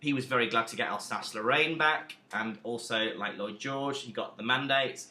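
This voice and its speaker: A man teaching a recorded history lesson, emphatic and lively, with self-deprecating asides. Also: medium pitch, normal speed, echoey room.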